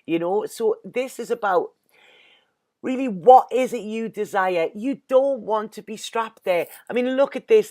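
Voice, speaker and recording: A woman's voice: mid-range voice, a little mellow. A woman with an English accent giving an earnest, emotional tarot reading in casual speech, constantly saying "you know" and sounding close to tears. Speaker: tarot reader.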